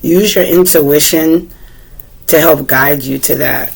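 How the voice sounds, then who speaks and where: Boston lady doing a tarot reading, rambly and chatty, talks to the cards, keeps clearing her throat. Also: deep voice, takes it slowly, poor audio. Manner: chatty, asks the cards questions aloud, clears throat often. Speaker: tarot reader.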